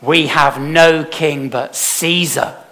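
A man's voice: a little high, steady tone, slow pace, sharp tone, full character voice. A man in a sermon reading out the lines of defiant ancient chief priests in a firm, declaring way.

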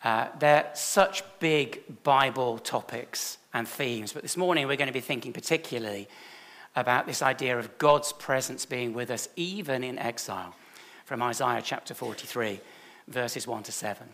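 A man's voice: mid-range voice, normal speed, fairly bright tone. A man, a church leader giving a chatty, self-deprecating sermon full of stories.

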